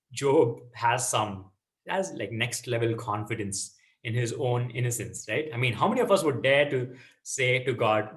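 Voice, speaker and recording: A man's voice: medium pitch, animated, a little slow. A man teaching a casual Bible lesson to teens, checking in often with "okay?" and "right?".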